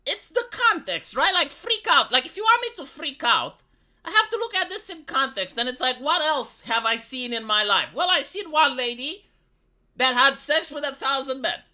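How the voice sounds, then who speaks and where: Bright-voiced sarcastic male streamer. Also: extremely high pitch, sing-song, normal speed. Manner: sarcastic, rambling, mocking. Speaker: livestream host. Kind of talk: livestream commentary.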